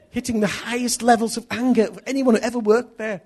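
A middle-aged man preaching a sermon, animated, acting out little dialogues as he tells stories. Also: extremely high pitch, fast, hardly any pauses, slightly rough. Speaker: pastor.

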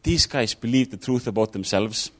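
A man's voice: mid-range voice, normal speed. A man giving an informal sermon, talking it through casually with fillers and restarts. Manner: conversational, thinking aloud with fillers and restarts. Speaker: preacher.

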